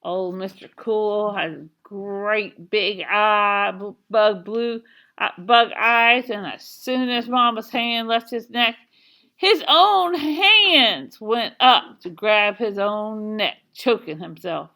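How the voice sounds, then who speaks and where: A woman reading a children's novel aloud in a slow, expressive storytelling manner. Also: mid-range voice. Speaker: reader.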